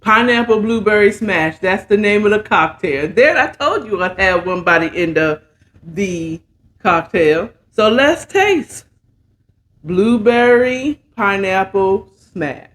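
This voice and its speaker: A woman's voice: mid-range voice, animated, slow pace, a bit bright. A woman hosting a casual bedtime story recap, chatting in a laid-back, slangy way while mixing and sipping a cocktail. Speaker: host and storyteller.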